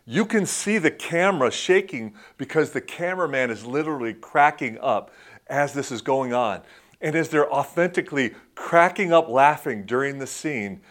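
A man preaching a sermon in a conversational way, often dropping into soft, intimate tones and saying "man". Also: mid-range voice, expressive, normal speed. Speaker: pastor.

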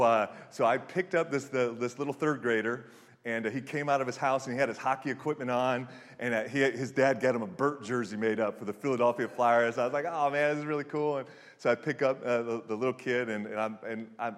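Pastor in his forties, mid-pitched, preaching casually with stops and restarts, long hall reverb. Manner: conversational storytelling with frequent restarts and fillers. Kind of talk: sermon.

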